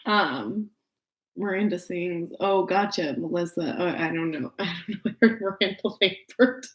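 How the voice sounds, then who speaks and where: A young woman with a Texan drawl chats loosely on a home crafting livestream, full of fillers, restarts and giggles. Her voice sits a little low. The room around her is echoey. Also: moderate pace. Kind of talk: casual livestream chat. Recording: roomy home echo.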